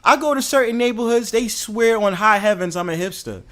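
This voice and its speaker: A young man with a New York accent, ranting in a casual, profane and animated way to his live chat. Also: sits high, fairly quick. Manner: profane, animated, heated and joking. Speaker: host.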